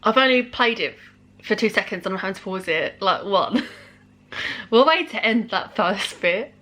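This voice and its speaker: A chatty woman reacting to a track in a casual, talkative way. Her voice is bright and forward at an ordinary middle pitch, and she laughs easily between comments. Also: expressive, normal speed. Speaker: reaction video host.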